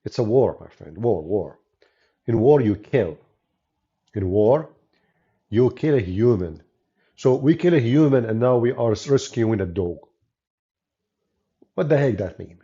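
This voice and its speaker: Gravelly, mocking man with an Arabic accent. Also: mid-range voice, animated, unhurried, pauses often, dark tone. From Arab world. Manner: mocking, sarcastic. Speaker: debater and channel host. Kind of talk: live-stream commentary. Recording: dull lo-fi audio.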